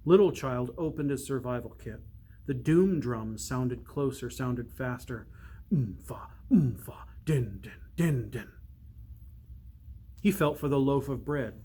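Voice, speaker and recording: A priest reading a storybook aloud, slow and measured, dropping to a hush for suspense. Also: male voice, mid-range voice.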